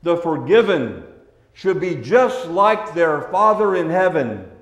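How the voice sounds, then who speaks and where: Slow-preaching man in an echoey hall. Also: fairly high pitch, big pitch swings. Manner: preaching with wide swings between hushed and loud. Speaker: pastor. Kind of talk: sermon.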